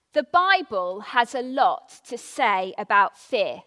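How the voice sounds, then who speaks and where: Bright, lively woman giving a devotional. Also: medium pitch, slow pace, hardly any pauses, big-room sound. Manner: expressive storytelling, lively emphasis. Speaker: devotional speaker. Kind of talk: devotional talk with scripture reading.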